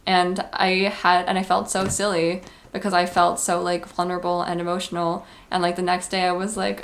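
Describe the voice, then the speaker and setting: A woman's voice: lowish voice, monotone, moderate pace, few pauses. A woman, talking casually and earnestly in a confessional vlog, full of "like" and advice. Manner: chatty, heavy use of "like", earnest advice-giving. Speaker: vlogger.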